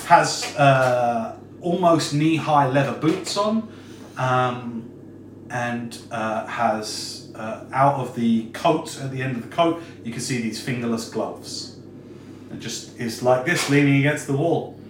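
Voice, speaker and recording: A man's voice: medium pitch, takes it slowly, slight background noise. A man running a tabletop game as game master, describing scenes unhurriedly with many fillers. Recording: roomy echo, distant mic.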